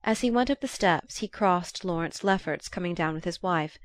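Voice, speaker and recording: A woman narrating a classic novel aloud in a measured, even storytelling manner. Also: lowish voice, dry recording. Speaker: audiobook reader. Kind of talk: scripted narration.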